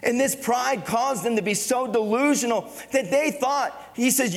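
A middle-aged male pastor preaching a sermon, animated and conversational, with rhetorical questions and storytelling. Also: very high-pitched, moderate pace, hardly any pauses. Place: church sanctuary. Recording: long reverb of a church hall.

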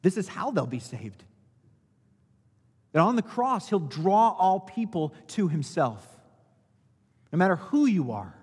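A man preaching a sermon as pastor, asking rhetorical questions and swinging between loud emphasis and quiet, low asides. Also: big pitch swings, measured pace, long pauses, slightly rough. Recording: long hall reverb.

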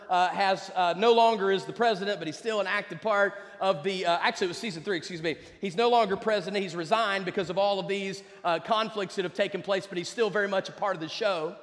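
A man's voice: high voice, brisk, a bit bright. A man preaching a sermon in a conversational way, speaking straight to the congregation. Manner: conversational, addresses the congregation directly. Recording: long hall reverb.

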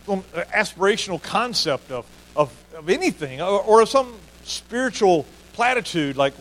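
A man's voice: sits high, sing-song, normal speed, a bit bright, low-quality recording. A man preaching a sermon in an earnest way, often repeating key phrases for emphasis. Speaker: pastor.

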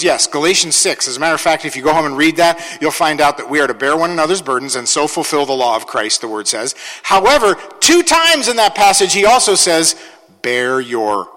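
Male pastor, fairly high and forceful voice, emphatic preaching with ironic asides. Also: long reverb tail. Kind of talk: sermon.

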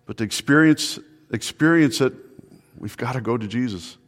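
A man's voice: mid-range voice, normal speed. A male pastor preaching an earnest sermon, often repeating words and asking the listeners questions. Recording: long hall reverb.

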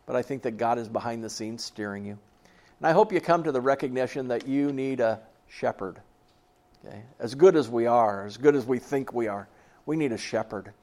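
A man's voice: medium pitch, a little fast, a little mellow. Earnest male pastor preaching a sermon. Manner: storytelling, earnest, repeats key phrases.

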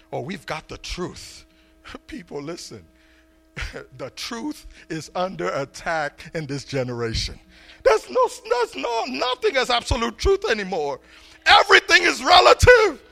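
A middle-aged male pastor preaching a sermon in a church, swinging between booming shouts and soft asides, often stammering and repeating words. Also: vocal fry. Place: church, before a congregation.

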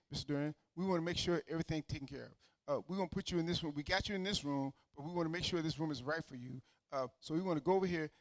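Male pastor, slightly high voice, conversational sermon storyteller that swells to emphatic preaching, dry close sound. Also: a bit bright, dry recording, low-quality recording.

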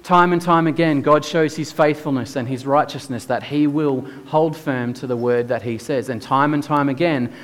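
A man's voice: mid-range voice, moderate pace, few pauses. A man preaching a sermon in a casual, conversational way. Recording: echoey church hall.

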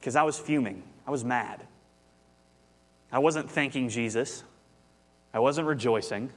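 A man's voice: mid-range voice, measured pace. A man, preaching a conversational sermon as pastor, telling a story and rising with animation.

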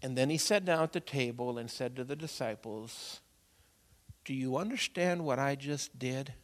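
A male pastor preaching a sermon, moving from quiet storytelling to loud, urgent exhortation. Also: mid-range voice, moderate pace. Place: church sanctuary. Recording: long hall reverb.

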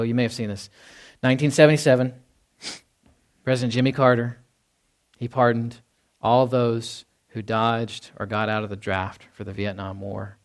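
Conversational man preaching a sermon. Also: medium pitch. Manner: conversational, with many restarts and acted-out quotes. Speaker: pastor.

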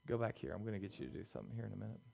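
A young man preaching a youth sermon, swinging between loud pleading and quiet, low talk. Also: expressive, racing, vocal fry, a little hiss or hum. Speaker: youth pastor.

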